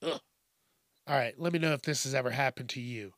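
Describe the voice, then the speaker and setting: A man's voice: mid-range voice, fairly quick, a bit bright, no room sound, clean studio sound. A man hosting a podcast, delivering a profane comedic rant and laughing at his own jokes. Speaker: podcast host.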